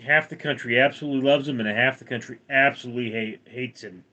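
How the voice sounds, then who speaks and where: A middle-aged man with a General American accent hosting a casual livestream, reading out chat comments and answering them at a measured pace. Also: medium pitch, fairly even intonation, sharp tone, highs cut off. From United States. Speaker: livestream host.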